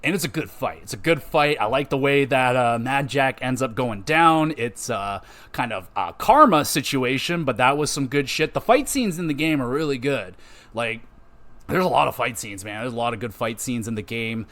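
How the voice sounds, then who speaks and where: A man at a middle pitch talks through a video game on his podcast, rambling and loose. He swears freely and slips into quick impressions of the characters as he recaps. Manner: profane, rambling, animated retelling with quick impressions. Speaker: podcast host. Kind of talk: casual game podcast monologue.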